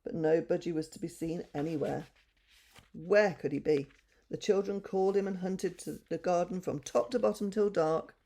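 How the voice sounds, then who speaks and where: Gentle woman storyteller, husky and low, reading to children. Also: moderate pace.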